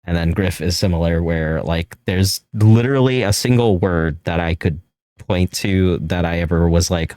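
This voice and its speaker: A man with a neutral American accent, streaming and chatting casually while drawing, rambling and swearing, laughing often and jumping up in pitch when he jokes. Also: lively intonation, moderate pace, darkish tone, no room sound, studio quality. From California. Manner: rambling, loose, swears often, laughs a lot, voice jumps high when joking.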